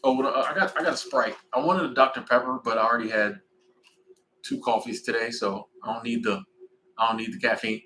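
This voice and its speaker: A man in his forties chatting casually on a livestream, rambling and animated. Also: medium pitch, brisk, a little hiss or hum, rough recording. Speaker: livestream host.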